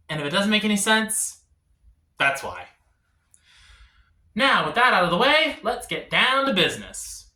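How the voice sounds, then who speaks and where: A male stand-up comedian on a live stage with a very bright, cutting voice that swings widely in pitch. He tells his bits in an animated way and dips into other voices. The sound rings in an echoey room. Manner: jumps between voices, animated storytelling.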